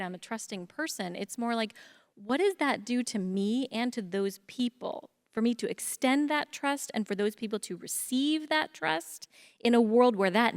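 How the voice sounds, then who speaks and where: Earnest woman telling a story onstage. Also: fairly high pitch. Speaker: panel speaker. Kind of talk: storytelling on a conference stage. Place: theatre stage. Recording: long hall reverb.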